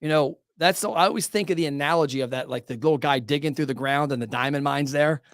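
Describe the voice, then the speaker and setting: A man hosting a casual podcast conversation from his studio, energetic and motivational, talking in quick bursts. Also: a little high, no echo. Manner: salesy, motivational. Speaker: podcast host.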